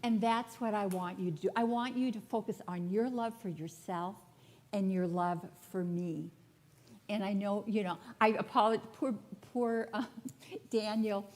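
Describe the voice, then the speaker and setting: A woman's voice: mid-range voice, fairly even intonation, unhurried, a little mellow. Candid, chatty woman preaching. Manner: candid, chatty storytelling with humor. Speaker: spiritual director. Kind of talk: personal sermon talk. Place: church sanctuary before a congregation.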